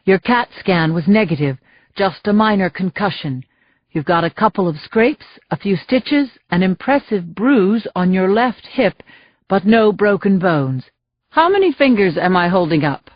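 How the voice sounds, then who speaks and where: A woman narrator voicing a steady, reassuring male doctor in his thirties. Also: medium pitch, unhurried, no room sound, dull audio. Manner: assuring, steady.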